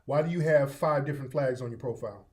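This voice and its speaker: A man's voice: medium pitch, quick pace, darkish tone. A man hosting a live call-in room, combative and repetitive, talking over his callers. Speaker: host.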